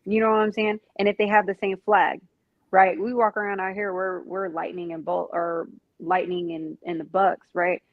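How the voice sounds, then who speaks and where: A woman's voice: fairly low pitch, level tone, moderate pace, no echo, narrow, tinny audio. A woman hosting a casual conversation, emphatic and agreeable, speaking in a slangy way. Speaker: podcast host.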